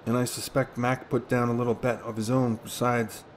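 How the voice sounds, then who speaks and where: A man reading a first-person story aloud as an audiobook, in a steady, measured way. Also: medium pitch, slight background noise. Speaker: audiobook reader.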